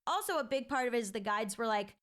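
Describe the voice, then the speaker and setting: A woman's voice: on the high side, expressive, quick pace, fairly bright tone. A woman telling a personal ghost story in a chatty, casual way, full of filler likes and restarts.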